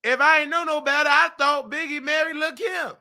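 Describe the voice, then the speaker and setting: A man runs a casual commentary show. His voice sits high and sounds very bright. He talks in an animated, preachy way and slips into singing. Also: a little fast. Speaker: host. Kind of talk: casual commentary with sung and recited lyrics.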